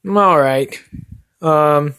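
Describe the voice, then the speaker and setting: A man's voice: on the high side, very slow, fairly bright tone, clean tone, full character voice. A man playing a nervous brother filling in as a talk show host, rambling and stammering through hesitant stories full of fillers. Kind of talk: amateur comedy sketch.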